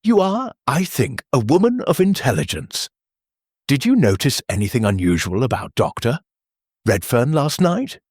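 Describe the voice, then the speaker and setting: Hercule Poirot, soft probing detective, read by a male narrator. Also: mid-range voice, very animated, breathy edge, no echo, studio quality. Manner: soft, deliberate questioning.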